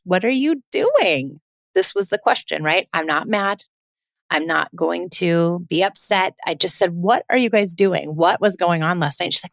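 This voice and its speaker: A woman in her forties hosts a parenting podcast, telling a family story as a casual monologue in a chatty, animated way and acting out the quoted lines. Her pitch is medium, and the recording is dry, with clean studio sound.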